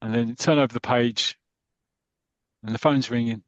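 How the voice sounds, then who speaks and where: A man hosting a chatty podcast, full of enthusiasm and quick to laugh. His voice sits in a middle register, recorded close and dry with no room sound. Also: mid-range voice, fairly even intonation, no room sound, muffled recording. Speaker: podcast host. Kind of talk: casual chat, reading comic aloud.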